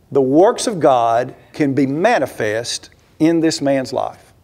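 A man's voice: a little high, darkish tone. A man, a pastor, preaching a sermon in a church, telling a story with many rhetorical questions and acting out the voices he quotes. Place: church sanctuary.

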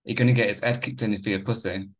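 A man's voice: on the low side, level tone, racing, natural voice. A man voicing a menacing teenage boy who bullies and taunts, in a crude, jeering way. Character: menacing teenage male gang bully.

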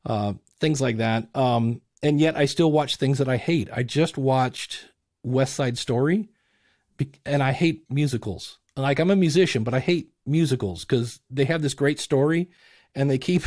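A man on a podcast as a guest, chatting casually and acting out little quoted exchanges with lively energy. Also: medium pitch, normal speed, dry recording, studio quality. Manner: animated storyteller acting out quotes.

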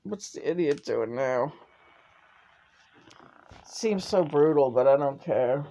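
A woman's voice: low-pitched, lively intonation, slow pace, dark tone. A woman vlogger in casual chat, talkative, often laughing and swearing freely.

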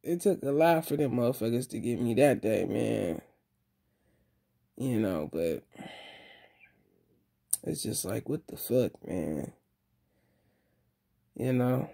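Mellow-voiced woman in a loose, swearing vlog. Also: rumbling low, expressive, vocal fry, breathy edge. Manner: loose, emphatic street talk with frequent swearing; repeats herself and pauses with fillers. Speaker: vlogger. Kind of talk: casual video monologue.

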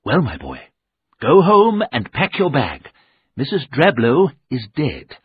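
A man doing a brisk older boss. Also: medium pitch, huge pitch swings, slightly rough, voice pushed up, full character voice. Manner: brisk, commanding. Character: brisk older male senior solicitor, a busy boss. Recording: narrow tinny sound.

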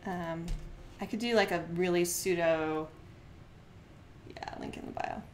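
A woman's voice: fairly low pitch, a little slow, slight background noise. Chatty, giggly woman streaming crafts. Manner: chatty and giggly, heavy on "like" fillers. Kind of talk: casual live-stream craft tutorial.

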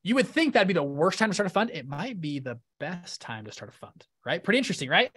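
A man giving an energetic live seminar talk, keeping his audience with him through frequent "right?" and "okay?" check-ins. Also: high voice, fast talker, slightly rough. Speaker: fund-launch presenter at a live event.

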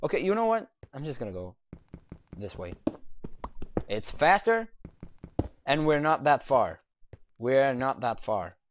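A young man doing let's play commentary, excitable, talking to the creatures in his game and cursing now and then. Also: medium pitch, measured pace, long pauses. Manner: excitable, talks to the game's creatures, curses.

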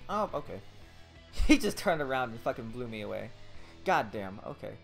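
A man playing a video game and commenting as he goes, swearing constantly and breaking into loud outbursts. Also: mid-range voice, sing-song, normal speed, gravelly, soft background music. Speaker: gaming video creator.

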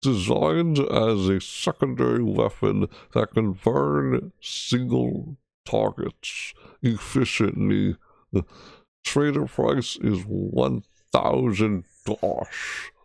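A man reading aloud slowly as a menacing male demon, in a drawn-out, deliberate way. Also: mid-range voice, gravelly, darkish tone, no echo. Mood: ominous.

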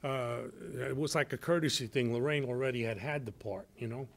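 Animated man telling stories. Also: medium pitch, fairly quick. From Brooklyn, New York. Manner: animated, acts out quoted voices. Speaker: guest actor and nightclub comic. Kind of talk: radio show storytelling.

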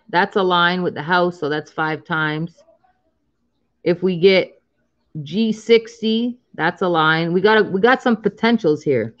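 A woman's voice: lowish voice, highs cut off. A woman in her thirties chatting casually on a live stream while scratching lottery tickets, drawing out the numbers she calls and laughing often.

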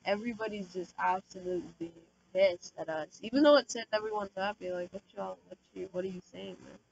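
Loud, excitable woman gaming. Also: fairly low pitch, brisk, gravelly, muffled recording, slight background noise. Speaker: gaming channel host. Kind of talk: casual gameplay commentary. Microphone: desk microphone.

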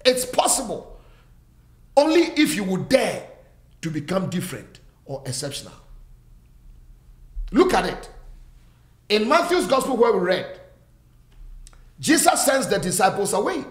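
A man preaching with fervent, driving repetition, stacking phrase on phrase. His voice sits high for a man. The room gives it a clear echo. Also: very animated, a little slow, long pauses. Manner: quieter, friendly greetings to online viewers. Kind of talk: sermon.

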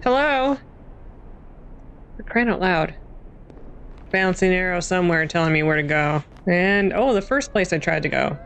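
A woman's voice: fairly low pitch, moderate pace, vocal fry, fairly bright tone, smooth. A young woman casually commenting on a horror game as she plays, jumpy and self-mocking. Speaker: gaming channel host.

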